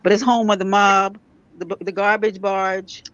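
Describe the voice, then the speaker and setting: A woman from New York chatting casually as a vlogger, animated, with quick asides and laughs. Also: medium pitch, muffled recording. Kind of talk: casual chat.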